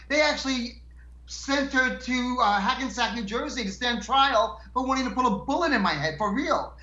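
Rambling man with a bright voice. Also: very high-pitched, expressive, moderate pace, roomy sound, lo-fi sound. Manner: rambling, laughs often, restarts lines. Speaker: guest. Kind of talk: casual storytelling chat.

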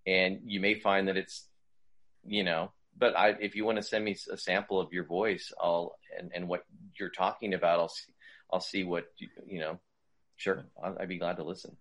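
A man's voice: sits low, level tone, moderate pace, fairly bright tone. A man speaking as a guest voice coach, giving conversational advice in a loose, rambling way with many fillers and restarts.

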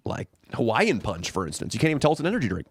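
A man co-hosting a podcast who trades deadpan, crude comebacks in casual banter. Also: medium pitch, very fast, breathy edge, no echo. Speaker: podcast co-host.

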